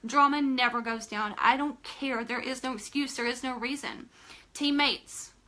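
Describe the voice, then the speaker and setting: A woman's voice: sits high, moderate pace, sharp tone. A woman giving a live motivational talk to team leaders, emphatic and direct, repeating phrases for stress and asking viewers to comment. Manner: addresses listeners directly, asks for comments.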